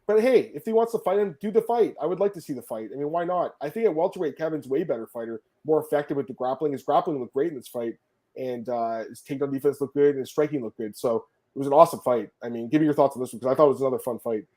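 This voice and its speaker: A man hosting a casual sports podcast, talking fast and excitedly, swearing and laughing often. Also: medium pitch. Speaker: podcast host.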